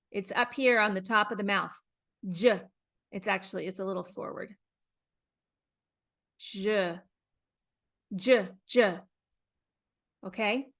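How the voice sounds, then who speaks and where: A woman teaching English letter sounds, speaking deliberately, repeating each sound and explaining where the tongue goes. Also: mid-range voice, pushed and bright. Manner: slow, deliberate, demonstrating mouth positions and repeating sounds. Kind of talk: phonics lesson.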